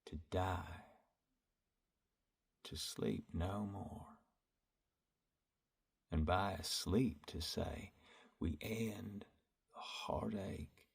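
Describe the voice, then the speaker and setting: A man doing an impression of a laid-back Southern movie star, reciting a soliloquy in a slow drawl with half-whispered musing. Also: low-pitched, creaky, fairly bright tone, husky, distant mic, heavily acted.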